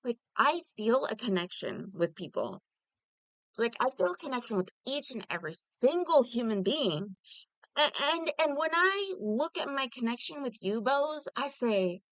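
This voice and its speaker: A woman's voice: a little high, sing-song, normal speed, fairly bright tone, no echo. A woman ranting heatedly in casual talk, rambling and swearing, with many "like"s, addressing a fellow commentator. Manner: heated, rambling, profane, full of "like". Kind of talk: casual direct-to-camera rant.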